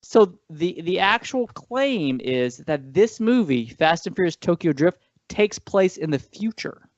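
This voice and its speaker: A man chatting on a movie podcast, rambling from point to point and catching himself mid-sentence. His pitch swings widely as he talks. The sound is dry and a little dull, lo-fi. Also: a little slow, no room sound. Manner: rambling, animated, frequent self-corrections and laughs. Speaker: podcast co-host. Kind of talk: casual movie-review chat.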